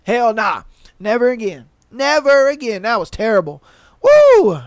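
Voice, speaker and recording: A man hosting a podcast, telling a story in casual slangy talk, animated, laughing and swearing. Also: very high-pitched, moderate pace, no room sound, studio quality. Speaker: podcast host. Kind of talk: casual storytelling and reading listener posts.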